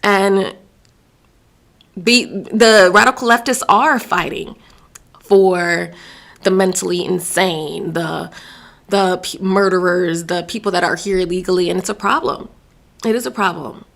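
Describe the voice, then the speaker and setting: Gravelly-voiced woman hosting a commentary show. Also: on the low side, steady tone, measured pace, a bit bright. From Virginia. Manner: emphatic, stumbles over words and restarts. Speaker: show host. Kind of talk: opinion commentary monologue.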